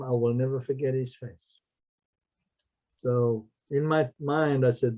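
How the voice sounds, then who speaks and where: This martial arts master and spiritual mentor shares stories in a podcast interview, stressing his points by repeating key phrases. His mid-range voice is darkish, fairly even in intonation, and slow, with long pauses.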